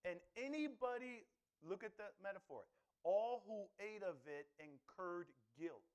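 Animated male preacher, rather high-pitched. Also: a little slow, clear, resonant tone. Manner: animated, swings from loud to hushed; conversational preaching with personal stories. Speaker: pastor. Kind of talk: sermon.

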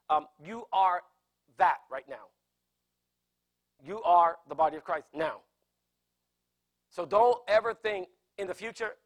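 A male pastor teaches from scripture in an earnest sermon style. His voice sits fairly high for a man, and he repeats key phrases as he builds emphasis. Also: fairly bright tone.

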